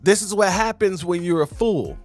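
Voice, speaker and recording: A man hosting video commentary, speaking in a measured, sarcastic way and calling his audience family. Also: high-pitched, soft background music. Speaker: host of a commentary channel.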